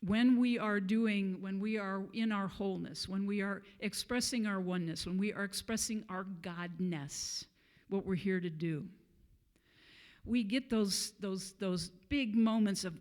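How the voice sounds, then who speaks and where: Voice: mid-range voice, a little slow. Chatty, chuckling guest preacher. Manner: conversational, chuckling, many fillers. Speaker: guest speaker. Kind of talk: sermon with storytelling. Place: church service.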